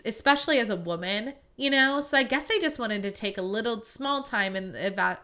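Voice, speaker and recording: A woman's voice: medium pitch, bright, forceful tone. A young woman hosting a podcast, candid and chatty, talking casually with lots of "like" and "you know" fillers and some mild swearing. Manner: venting, frank with mild swearing. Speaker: podcast host. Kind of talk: casual chat.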